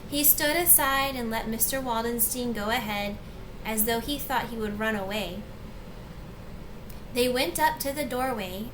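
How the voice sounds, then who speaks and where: A woman teacher reading a chapter book aloud to her class in an expressive storytelling manner. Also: on the high side, noisy background.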